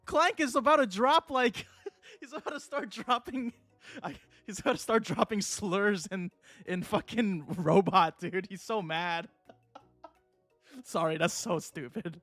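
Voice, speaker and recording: A young adult man streams a game in casual, excitable commentary, swearing and laughing often. His voice sits high. The sound is dry and close, with faint music in the background. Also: slow pace, no echo.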